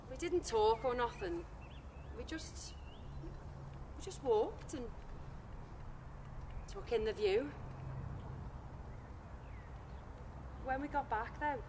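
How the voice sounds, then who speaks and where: A woman's voice: a little high, takes it slowly, pauses often. An actress playing a weary daughter who confides her exasperation about her father. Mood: wistful. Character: weary, worried grown daughter. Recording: outdoor recording with faint background noise.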